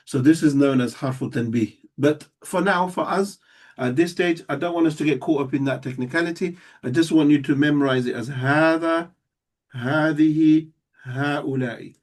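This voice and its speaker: A man's voice: a little high, normal speed. A man teaching a live Arabic class, explaining step by step and checking that students follow. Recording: voice somewhat distant from the mic.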